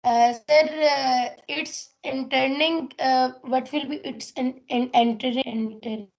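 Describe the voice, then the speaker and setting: A woman student asking her teacher a question, hesitant, with many pauses and "uh, sir". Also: high-pitched, steady tone, creaky, lo-fi sound.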